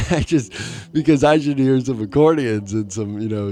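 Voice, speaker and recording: Warm-toned and medium in pitch, a man hosting a podcast speaks at normal speed through a rambling, comic solo monologue. He throws in crude asides and slips into performed voices whenever he quotes someone.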